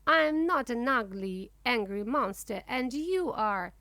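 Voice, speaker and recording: A sick young girl ostrich in a storybook, once grumpy and now kind, as a woman reader puts her on. She is high and exclaiming, with a bouncy, lively pitch. The reading is slow and dry. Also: dry recording, exaggerated voice. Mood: childlike.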